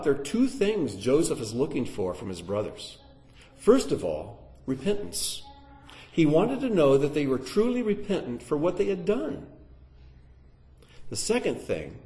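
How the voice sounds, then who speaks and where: A man teaching a Bible lesson to a live audience in sermon style, putting questions to the listeners. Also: a little high. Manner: animated, asks the audience questions. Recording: echoey room.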